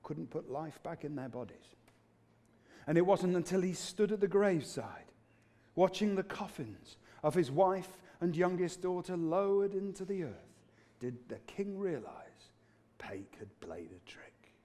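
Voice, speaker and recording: British English storyteller man, very high voice, dramatic and playful live telling. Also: measured pace, mellow. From Britain. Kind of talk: live folk-tale storytelling.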